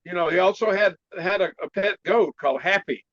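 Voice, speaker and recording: A man tells a story in an interview, animated and quick to laugh. His voice sits a bit high for a man. The sound is dry and a little muffled, like a lo-fi call recording. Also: no echo. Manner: animated storyteller, laughs often, clears throat. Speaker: martial arts teacher, interview guest.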